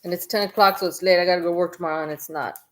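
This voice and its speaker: A woman's voice: on the low side, fairly even intonation, rapid-fire, fairly bright tone. A woman, a mother, chatting casually with her daughter and then reading the Bible aloud, tired and teasing, sometimes stumbling over words.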